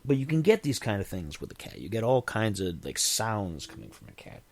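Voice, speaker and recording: A man with a somewhat low voice hosts a podcast on his own. He talks in a casual, meandering way, pokes fun at himself, and breaks in with homemade animal noises. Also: wildly swooping pitch, fairly quick, creaky. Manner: chatty, self-deprecating, imitates cat sounds. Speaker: podcast host. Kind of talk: casual rambling monologue.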